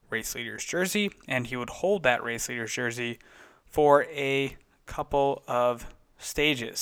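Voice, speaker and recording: Bright, clear-voiced man recapping races. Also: mid-range voice. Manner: chatty, enthusiastic, self-correcting. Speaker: cycling podcast host. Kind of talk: casual race recap commentary.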